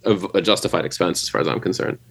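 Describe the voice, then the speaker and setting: Lowish-voiced guy rambling about his bar trips, lots of "like" and "you know", quotes people as he goes. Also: racing, creaky, a bit bright. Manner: chatty, lots of fillers, retells stories with quoted voices. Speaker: bar owner guest. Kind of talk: casual podcast chat.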